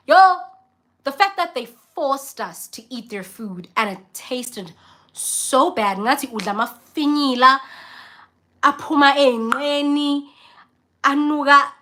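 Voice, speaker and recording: A young South African woman vlogger telling a story in a casual, animated way, often acting out the voices of the people in it. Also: on the high side. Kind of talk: casual storytelling, mixing English and Zulu.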